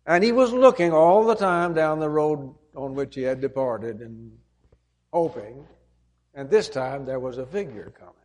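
Earnest higher-voiced preacher. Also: male voice, expressive, normal speed, a little mellow. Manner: earnest storytelling, emphatic. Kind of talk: sermon.

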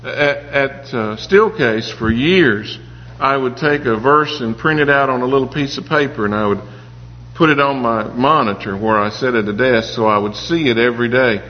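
A man's voice: medium pitch, normal speed. A man preaching a sermon in an earnest, personal way, with stories from his own life. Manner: earnest, personal storytelling with occasional restarts. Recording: reverberant hall with dull sound and faint hum.

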